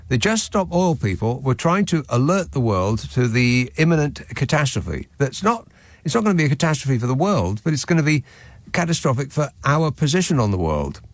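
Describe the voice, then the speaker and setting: A man's voice: mid-range voice, sing-song, normal speed, no echo. A man hosting a late-night radio phone-in, reading texts with sardonic, dry asides. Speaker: radio talk show host. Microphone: studio microphone.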